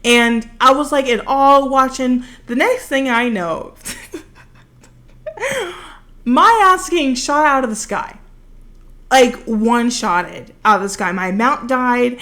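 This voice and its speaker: A woman's voice: on the high side, slow pace, pauses often, fairly bright tone. Chatty, rambling young woman. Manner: rambling, chatty, full of fillers. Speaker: video creator. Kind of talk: casual voiceover storytelling.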